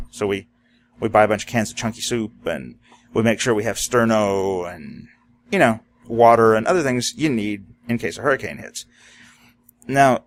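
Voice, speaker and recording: A man's voice: on the low side, slight background noise. A man vlogging about disaster preparedness in a casual, unscripted monologue. He talks in a plain, reflective way and often stops to say "you know" and "um". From Florida, USA.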